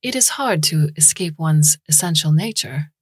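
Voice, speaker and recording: A woman voicing a calm, philosophical robot in a science fiction story reading, speaking in a measured way. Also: sits low, husky, no echo, studio quality. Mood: reflective.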